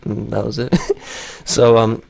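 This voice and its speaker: A man YouTuber with a raspy, cracking voice, rambling through a casual vlog while he plays a game, with lots of fillers and restarts. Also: mid-range voice, level tone, unhurried, a little mellow. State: raspy, voice cracking after a long break.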